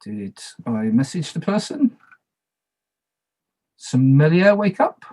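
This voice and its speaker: A man's voice: fairly high pitch, sing-song, slow, a little mellow. A man moderating an online party game on a video call, talking casually, repeating instructions and making self-deprecating asides.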